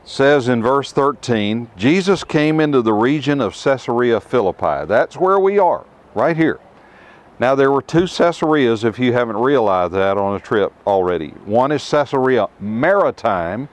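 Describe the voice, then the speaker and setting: A middle-aged man teaching scripture outdoors to a tour group, emphatic, with rhetorical questions and dramatic pauses. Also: mid-range voice, animated. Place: outdoors at ruins.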